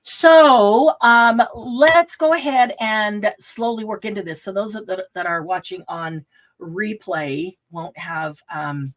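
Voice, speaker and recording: A woman's voice: medium pitch, fairly even intonation, slow. A middle-aged woman hosting a casual live craft stream, chatting and laughing often and sometimes losing her train of thought.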